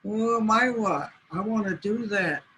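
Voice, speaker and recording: A man's voice: high voice, measured pace, bright, forceful tone, slight background noise, low-quality recording. A man voicing a pitiful blind male coyote trickster in a storytelling, pleading and whiny.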